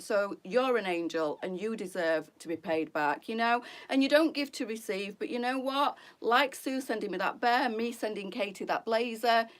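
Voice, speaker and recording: A middle-aged woman hosting a live try-on stream for her boutique, talking in a chatty, heartfelt way and calling her viewers girls. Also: mid-range voice. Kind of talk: casual live-stream chat.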